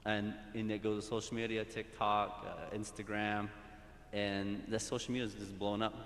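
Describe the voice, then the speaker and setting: A man's voice: little pitch movement, moderate pace, a bit bright. A man who works in school counseling speaks from the audience at a community forum, earnest, often restarting and repeating his phrases. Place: large hall. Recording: echoey hall with faint rumble.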